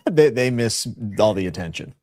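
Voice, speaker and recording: This is a man on a casual livestream, teasing and giggly, full of enthusiasm. His voice sits on the low side. The sound is dry and close, with no room echo. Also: very animated, measured pace, darkish tone.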